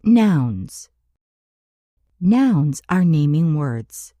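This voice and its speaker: A woman narrating a scripted grammar lesson as an English teacher, speaking deliberately and spelling out letters for learners. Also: low-pitched, very animated, mellow, dry recording, clean studio sound.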